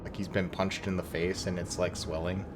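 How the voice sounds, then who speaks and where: A man's voice: low-pitched, flat delivery, moderate pace, very noisy. Joking man streaming a game. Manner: joking, profane asides. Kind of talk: casual gameplay commentary.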